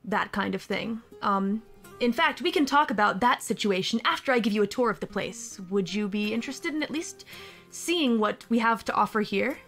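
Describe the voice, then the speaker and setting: A woman's voice: mid-range voice, expressive, normal speed, gravelly, a bit bright, soft background music. A woman voicing a polite, persuasive woman who runs a hidden base and talks like a salesperson.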